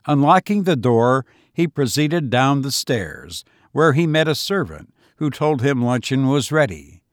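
Male narrator, steady storybook reading, mid-pitched, dead-dry recording. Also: measured pace, no room sound. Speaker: audiobook narrator. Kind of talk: scripted narration.

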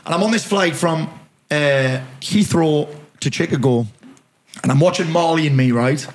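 A man's voice: a little high, normal speed. A middle-aged man with a Geordie accent, telling a story as a podcast guest in a jokey, self-mocking way with plenty of swearing. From North East England. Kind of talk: animated storytelling.

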